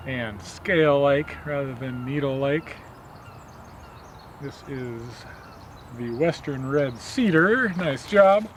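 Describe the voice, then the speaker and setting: Man, high voice, botany teacher, friendly, explanatory, outdoor field lesson, faint background noise.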